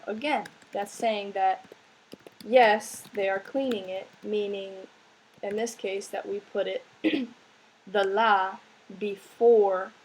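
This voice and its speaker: A woman's voice: medium pitch, a little hiss or hum, poor audio. A woman teaching a recorded language lesson, explaining step by step and checking in with "right?" as she goes. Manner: slow, patient explaining with frequent "right?" checks. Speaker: Spanish teacher.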